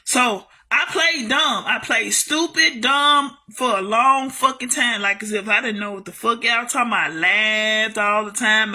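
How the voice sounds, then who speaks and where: A woman's voice: fairly high pitch, pushed and bright. A woman telling a story to her camera in a casual monologue, blunt and heavily profane, repeating herself for emphasis. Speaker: vlogger.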